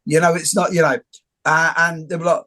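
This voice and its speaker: A middle-aged man hosting a casual interview, telling jokey, animated stories. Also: on the high side, brisk. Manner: joking, animated storyteller. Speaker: host.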